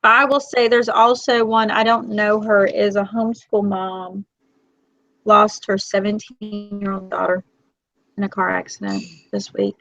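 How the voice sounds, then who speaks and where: A woman in her forties hosting a casual live chat, talkative and emotional, quick to tear up. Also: mid-range voice, little pitch movement, gravelly, a bit bright, no room sound, soft background music. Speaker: host. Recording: dull, lo-fi, dry.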